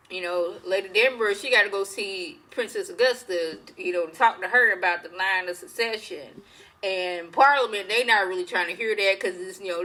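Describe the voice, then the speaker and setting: A woman giving a casual, slangy recap of a TV episode, telling the story with animated flair. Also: fairly low pitch, poor audio. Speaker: TV show reviewer.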